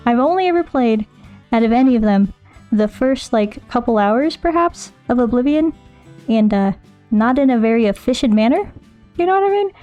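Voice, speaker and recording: Mellow-voiced woman chatting while streaming. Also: on the high side, animated, normal speed, faint music behind. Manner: rambling, chatty, thinks aloud and answers chat. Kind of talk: casual live-stream chat while playing.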